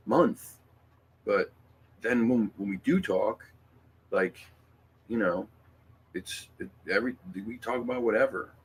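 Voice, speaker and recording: A middle-aged man hosting a casual livestream, speaking in an emotional, halting way with many fillers and restarts. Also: on the low side, slight background noise. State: emotional, near tears. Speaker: livestream host.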